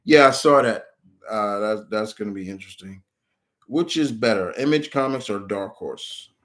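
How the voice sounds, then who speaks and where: A man's voice: fairly low pitch, moderate pace, fairly bright tone. A man streaming live, answering viewers' questions in a rambling, casual way with many restarts.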